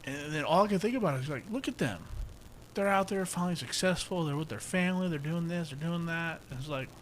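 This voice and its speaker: A young man co-hosting a podcast in casual chat, swearing freely and acting out quotes from friends in a louder voice. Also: on the high side, brisk, a little hiss or hum. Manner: profane, animated storytelling, acts out quotes loudly. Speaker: podcast co-host.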